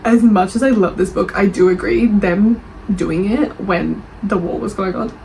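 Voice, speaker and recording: A woman's voice: mid-range voice, a little slow, creaky, warm tone, a little hiss or hum, low-quality recording. A woman with an Australian accent, a book reviewer and author chatting casually as she reads reviews aloud, reacting defensively and swearing freely.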